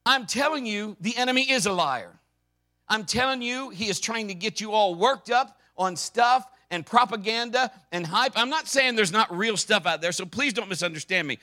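A pastor preaching a sermon, fervent and emphatic, with a folksy, conversational way of talking. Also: male voice, high voice, animated, moderate pace, bright, forceful tone.

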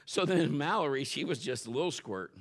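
A middle-aged male pastor preaching a sermon, telling a story emphatically, with swings from loud exclaims to hushed asides. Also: fairly high pitch, lively intonation, brisk.

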